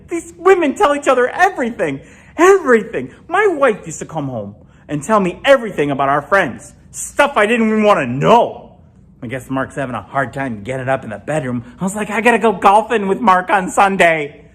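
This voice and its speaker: In an empty comedy club, a middle-aged man from Illinois performs stand-up solo at a normal speed. He's animated, delivering punchlines hard with large swings in pitch.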